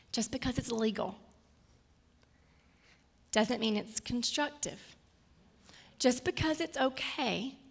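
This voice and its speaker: Woman preacher in her thirties, storytelling sermon, slightly raspy edge. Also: fairly high pitch. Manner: personal, storytelling, gets emotional and tearful at times. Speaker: guest speaker.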